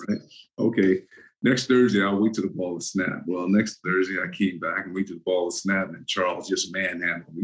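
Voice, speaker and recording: A man's voice: low voice, fairly quick, low-quality recording. A man in his sixties, a former football player, telling stories as a guest in a casual interview, laughing often and acting out his anecdotes.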